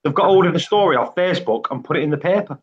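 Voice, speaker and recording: Guy hosting a live chat, a bit high, rambly, muffled lo-fi stream sound. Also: expressive, very fast. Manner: chatty, rambling. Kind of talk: casual chat. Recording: dull lo-fi stream audio.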